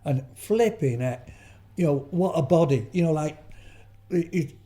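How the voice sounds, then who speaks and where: A man's voice: fairly high pitch, animated, measured pace, dark tone. An older man, a guest in an interview, telling rambling stories full of restarts and asides. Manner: rambling storyteller, frequent restarts and trailing asides. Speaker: guest, veteran comedian. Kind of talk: anecdotal interview chat.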